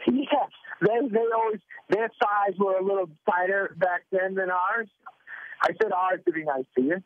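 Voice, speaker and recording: A man's voice: sits high, moderate pace, no room sound. Joking man rambling on a radio show. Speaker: guest. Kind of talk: casual radio interview. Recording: dull lo-fi radio sound.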